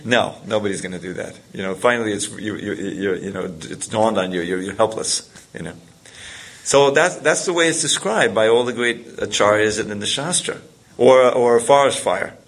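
At a normal speed and with a fairly low pitch, a man shares a scripture story with a group as their spiritual teacher. His storytelling wanders, full of chuckles and fresh starts.

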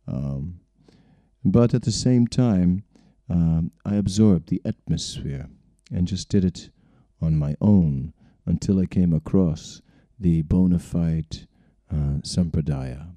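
A man's voice: extremely low pitch, mellow, dry recording. A man, not an English speaker, telling stories from his own life in a rambling way, with frequent chuckles and "right?" tags. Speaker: speaker recounting his spiritual journey. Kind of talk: storytelling talk.

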